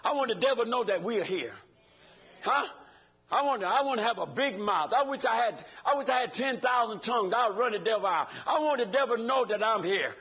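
Hollering preacher, older guy, high pitched and swinging all over, call and response. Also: lively intonation, a little fast, dull audio. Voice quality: raspy. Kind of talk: sermon.

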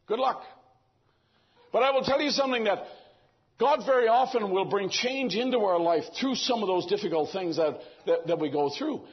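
An older man preaching a sermon, animated and acting out the voices he quotes. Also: high voice, moderate pace, highs cut off.

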